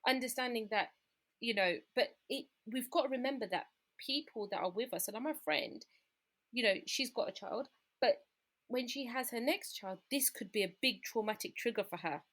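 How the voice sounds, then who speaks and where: A woman telling her own story in a candid, reflective conversation, growing quieter at the painful parts. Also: on the high side, moderate pace. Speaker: guest sharing her experience.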